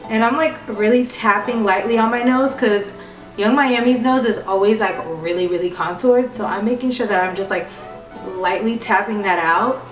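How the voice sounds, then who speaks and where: A woman's voice: mid-range voice, normal speed. A woman beauty vlogger talking through a casual makeup tutorial in a chatty, sing-song tutorial voice. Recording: echoey room, distant mic, music behind.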